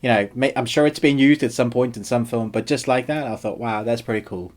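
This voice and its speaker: A man hosting a casual film review, speaking in a relaxed, rambling way with frequent fillers. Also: medium pitch, brisk.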